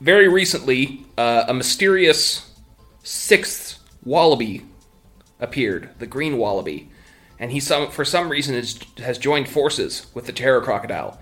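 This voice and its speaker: A man running a tabletop role-playing game, narrating scenes in a playful, casual way with many fillers. His voice sits at a medium pitch. Faint music plays underneath. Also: expressive, a little slow, fairly bright tone. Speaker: game master.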